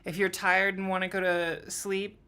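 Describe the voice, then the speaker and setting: A woman running a tabletop game as game master, chatty and quick to explain. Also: mid-range voice, flat delivery, sharp tone, clean tone.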